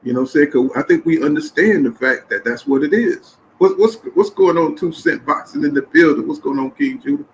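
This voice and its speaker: A man hosting a casual boxing talk show, animated and repetitive, often saying "you know what I'm saying". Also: on the high side, fairly quick, few pauses, slight background noise, low-quality recording. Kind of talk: casual chat.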